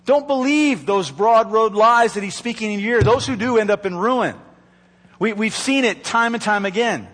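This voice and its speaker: A man preaching a sermon from a church pulpit, earnest and pleading, slowing down to stress key words. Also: high voice, fairly bright tone, in a large hall. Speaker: pastor. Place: church sanctuary. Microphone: microphone.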